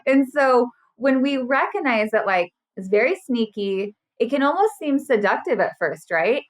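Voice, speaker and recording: At a normal speed and fairly high pitch, a woman in her thirties chats casually as a podcast interview guest. She's a burnout specialist who talks with earnest animation, dramatizing the quotes she relays.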